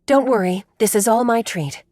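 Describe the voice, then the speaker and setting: A woman voicing a tired woman in her thirties from Alabama, speaking in a low-key, quietly weary way. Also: moderate pace, dry recording, clean studio sound, natural voice. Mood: subdued. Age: 30s.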